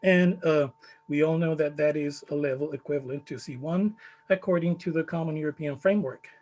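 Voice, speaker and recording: High-voiced man presenting research. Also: darkish tone, low-quality recording. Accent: Chilean Spanish. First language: Spanish. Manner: measured, many fillers, stresses key words. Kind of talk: conference talk.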